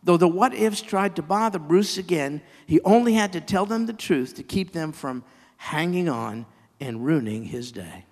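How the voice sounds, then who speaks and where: A man preaching, reading a children's story with animated delivery and side remarks to his listeners. His voice sits on the higher side, and it carries a long reverb. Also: moderate pace.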